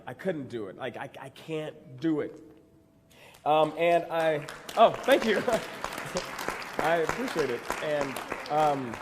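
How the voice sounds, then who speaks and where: A young man giving a conference talk, telling a personal story in an animated, self-mocking way and acting out his own quotes. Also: mid-range voice, a little hiss or hum. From Texas. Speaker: conference speaker. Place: large convention hall. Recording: reverberant hall.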